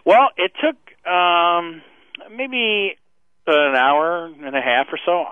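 A man calling into a radio show, chatting casually with a deadpan, dry sense of humor. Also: sits high, takes it slowly, clear, resonant tone, dry recording. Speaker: radio guest on the phone. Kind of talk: casual chat. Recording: tinny phone line.

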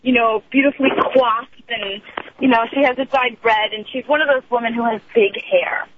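A woman in her late twenties calling in to a show and telling a story in an animated, giggly way over the phone. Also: on the high side, moderate pace. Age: late 20s. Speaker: caller. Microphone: telephone. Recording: dull phone line with faint hiss.

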